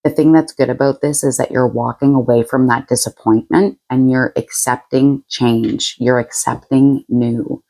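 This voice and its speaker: A woman's voice: rumbling low, fairly even intonation, moderate pace, vocal fry, few pauses, dark tone, rough recording. Chatty, frank woman reading tarot. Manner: chatty and frank, laughs often, blunt slang. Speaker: tarot reader. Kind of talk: casual tarot reading to camera.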